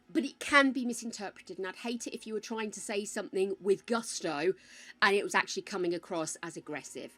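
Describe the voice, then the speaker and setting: Chatty bright-voiced older British woman streamer. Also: on the high side. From United Kingdom. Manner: chatty, calls viewers darling, swears freely, loud bursts. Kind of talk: casual live-stream chat.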